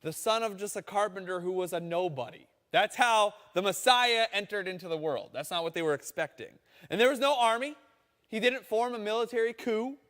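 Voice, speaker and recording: A man preaching a sermon, telling a story with animated quoted voices. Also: sits high, a little fast, long reverb tail. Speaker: pastor.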